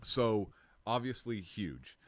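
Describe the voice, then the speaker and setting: A man hosting a casual political chat, animated and hesitant, trailing off into ums and restarts. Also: fairly low pitch, takes it slowly, dry recording. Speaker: host.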